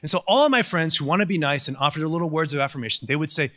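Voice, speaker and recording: A man's voice: on the high side, very fast. A man giving a conversational, sarcastic lecture, telling stories with lots of energy. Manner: conversational, sarcastic, animated storytelling. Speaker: Catholic lecturer. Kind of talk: recorded lecture.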